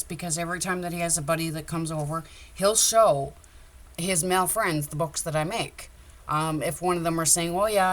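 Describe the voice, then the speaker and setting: A woman chatting casually on a livestream about her crafts, rambling and openly emotional. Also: sits low. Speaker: craft vlogger.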